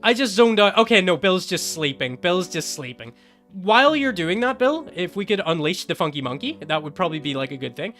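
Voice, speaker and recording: A young man narrating his video game in rambling, jokey, sweary tangents. His voice is high, bright and very lively, with faint music behind him. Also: brisk. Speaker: gaming video host. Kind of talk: let's play commentary.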